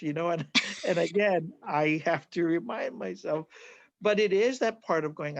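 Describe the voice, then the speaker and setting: A man's voice: a little high, normal speed, creaky, no room sound, muffled recording. A middle-aged man from Hawaii, a healer, earnestly explaining his teaching in an interview and often checking in with "right?".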